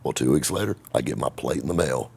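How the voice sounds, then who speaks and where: A man's voice: extremely low pitch, fast talker, gravelly, darkish tone, slightly rough. A middle-aged man telling a rambling, folksy, self-mocking story to camera as the host of his own show.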